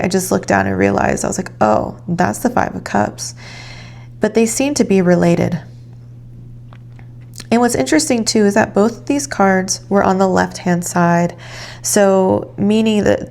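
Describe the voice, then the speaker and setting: Slow gravelly-toned woman reading tarot. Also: mid-range voice, steady tone. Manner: slow, reflective, gently guiding. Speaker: tarot reader.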